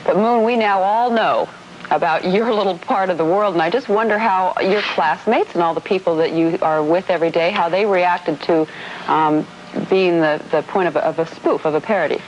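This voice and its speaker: A woman's voice: on the low side, normal speed. A woman hosting a morning TV show, introducing guests and asking probing questions. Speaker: TV news anchor. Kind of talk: morning TV interview. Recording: dull broadcast audio, faint hiss.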